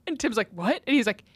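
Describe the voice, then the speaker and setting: A woman's voice: on the high side, breathy edge, no room sound. Woman comic in her 30s riffing on a podcast, goofy voices, dry close mic. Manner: animated, puts on silly voices in impressions. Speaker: comedian podcast co-host. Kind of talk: casual comedic chat.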